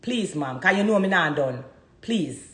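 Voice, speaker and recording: In an echoey room, a woman with a fairly low, slightly bright, animated voice rants to camera at a measured pace. She's a vlogger with a Jamaican Patois accent, fiery and defiant, using repetition to press her points.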